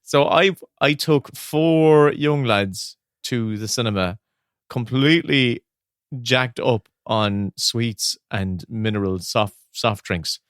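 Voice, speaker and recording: Irish male co-host, loose and rambling, mid pitch, dry sound. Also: slow, smooth, no echo. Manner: rambling, laughs often. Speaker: podcast co-host. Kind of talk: casual chat.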